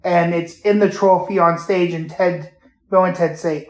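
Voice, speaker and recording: A man hosting a casual podcast, retelling a show haltingly with many fillers and restarts. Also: sits high, fairly even intonation. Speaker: podcast host. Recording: roomy echo.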